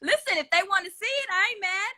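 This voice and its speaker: A woman chats as a guest over a video call, relaxed and candid, laughing often between her stories. Her voice sits high and sounds very bright and sharp. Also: fast talker. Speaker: guest singer. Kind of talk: casual interview chat.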